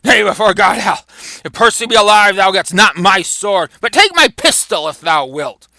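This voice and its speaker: A man's voice: sits high, lively intonation, normal speed, vocal fry, pushed and bright, dry recording, voice pushed up, heavily acted. A man reading the lines of a boastful, joking old knight in a Shakespeare play. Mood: blustering.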